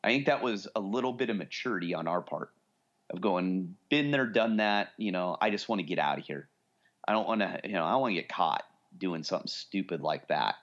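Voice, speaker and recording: A man's voice: deep voice, lively intonation, fairly quick, a bit bright, lo-fi sound. A man in his forties co-hosting a podcast, telling long stories in casual chat and acting out what people said. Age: 40s. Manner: rambling storyteller, acts out quoted voices. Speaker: podcast co-host.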